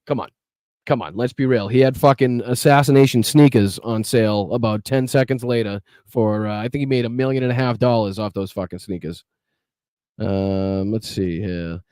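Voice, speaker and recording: A man's voice: lowish voice, normal speed, mellow, clear, resonant tone, dry recording, clean studio sound. A man hosting a political podcast livestream, talking bluntly and profanely while reacting to clips and greeting chat. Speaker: podcast host.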